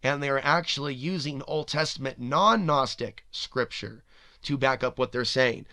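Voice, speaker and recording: A man's voice: mid-range voice, sharp tone, no echo. A man hosting a podcast, talking in a rambling, speculative monologue full of "you know" and restarts. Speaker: podcast host. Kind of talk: spoken monologue.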